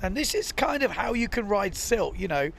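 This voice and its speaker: A young man gives loose, chatty live windsurfing commentary, reading out viewer comments and saying "you know" a lot. His high, gravelly voice has a sing-song lilt, a fairly bright tone and a normal pace, with slight background noise behind him.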